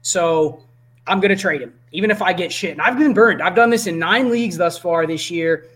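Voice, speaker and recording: Easygoing high-voiced fantasy football guest. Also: male voice, moderate pace, fairly bright tone. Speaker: podcast guest. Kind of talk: casual fantasy football chat.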